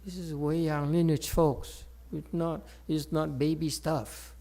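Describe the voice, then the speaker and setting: A Chan meditation teacher gives a Buddhist dharma talk to a live audience in a meditation center hall, playful and joking and often checking in with listeners. His voice is a little high, creaky, and mellow, with flat delivery at a measured pace.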